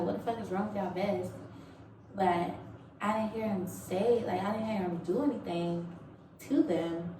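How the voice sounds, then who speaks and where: In a mid-range voice, a young woman frankly recounts Navy boot camp to camera, peppering it with "like," "um" and plenty of swearing. The recording is echoey, her voice off-mic and distant, with clear background noise.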